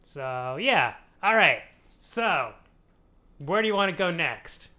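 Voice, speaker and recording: A young man hosting a podcast, casually recapping a TV show, rambling and laughing often as he acts out characters in quick asides. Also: a little high, big pitch swings, bright, forceful tone. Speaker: podcast host explaining a TV show.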